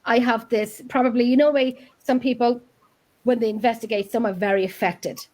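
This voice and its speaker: A woman's voice: on the high side, fairly even intonation, moderate pace, a little mellow. A woman, a paranormal investigator, chatting on a podcast in a rambling way, often breaking off mid-sentence. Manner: chatty, rambling, self-interrupting. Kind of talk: casual chat.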